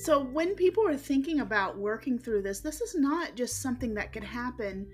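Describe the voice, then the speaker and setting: A woman with a Southern US accent hosts a podcast in a chatty, folksy way. Her voice sits a little high. Soft music plays under her talk. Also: lively intonation, moderate pace. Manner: folksy, chatty, uses y'all. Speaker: podcast host. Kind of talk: podcast interview.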